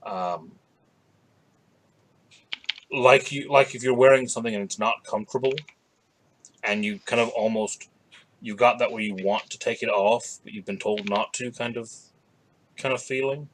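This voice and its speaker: A man's voice: medium pitch, moderate pace, pauses often, slight background noise, low-quality recording. A man narrating as game master of a tabletop game, rambling and hesitant, with many fillers.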